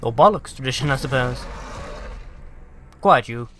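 A man's voice: mid-range voice, expressive, measured pace, fairly bright tone, faint music behind. A British man giving sarcastic, profane let's play commentary and taunting the enemies on screen.

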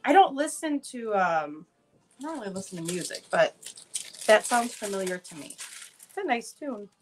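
A woman's voice: medium pitch, big pitch swings, moderate pace, background noise. A chatty, upbeat woman hosting a live jewelry sale, showing pieces and greeting viewers by name. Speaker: live-stream jewelry seller. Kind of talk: casual live-sale chat.

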